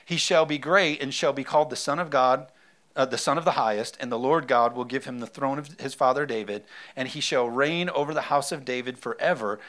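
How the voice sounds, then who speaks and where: A pastor preaches a sermon conversationally, acting out little asides and reading scripture aloud. His voice is medium-pitched, a bit bright and a little fast.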